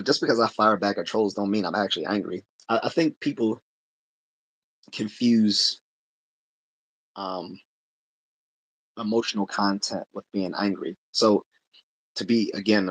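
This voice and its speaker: Husky-voiced man chatting on a livestream. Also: lowish voice, moderate pace, long pauses, no echo. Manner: conversational, laughs often, many restarts. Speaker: livestream host answering chat. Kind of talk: casual livestream chat.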